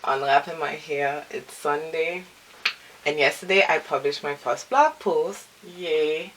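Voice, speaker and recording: A woman's voice: low voice, measured pace, a bit bright, slight background noise. A young woman with a French accent chatting casually in a vlog, grateful and rambling, often restarting her sentences. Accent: French-accented English. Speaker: vlogger and streamer.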